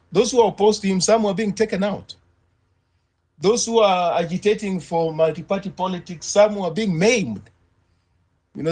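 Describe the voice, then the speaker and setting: A man speaks as a panelist in a heated debate. His voice sits high and carries a husky edge. He presses his case forcefully and circles back to the same rhetorical questions again and again. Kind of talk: impassioned debate argument.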